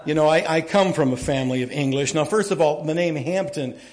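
A man preaching a sermon, telling folksy stories and jokes, his volume swinging from quiet to loud as he gets animated. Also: a little high, fairly quick. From United States. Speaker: pastor.

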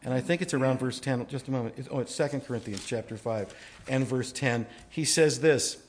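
A middle-aged man preaching a sermon, telling rambling personal stories and swinging from hushed asides to excited emphasis. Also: mid-range voice, a little fast, slight background noise. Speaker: pastor.

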